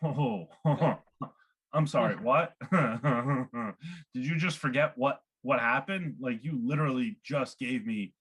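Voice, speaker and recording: A man doing a stand-up set at an online open mic, animated and laughing at his own jokes. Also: medium pitch, takes it slowly, husky. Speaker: stand-up comedian.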